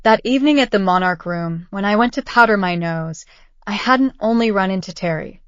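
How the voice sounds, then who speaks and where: An older woman reading a scripted first-person story in a measured, steady way. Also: medium pitch, no room sound. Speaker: narrator. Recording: dull dry lo-fi audio.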